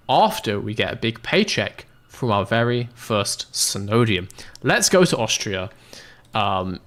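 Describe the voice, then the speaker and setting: A man's voice: medium pitch, a bit bright. A man giving casual gameplay commentary as a game streamer, in a sarcastic, self-mocking and joking way.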